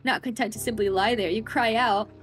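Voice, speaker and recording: A woman with a fairly high voice reads a horror visual novel aloud on stream, giving the narration a dramatic lilt and then cutting in with frightened, joking asides. Soft game music plays faintly behind her. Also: steady tone, brisk. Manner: dramatic read-aloud broken by scared, jokey outbursts.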